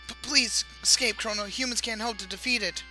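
A gentle, sorrowful young princess , voiced by a man narrating a game, pleads in a raised, high voice that has a very bright, sharp tone. Faint game music plays behind her. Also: a little fast. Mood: pleading. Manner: pleading, raised-pitch delivery.

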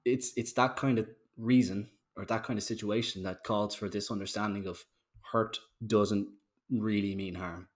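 A man's voice: fairly low pitch, steady tone, moderate pace. Swearing man telling gym stories. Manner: swearing, ranting storyteller. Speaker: podcast co-host, strength coach. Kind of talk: casual podcast chat.

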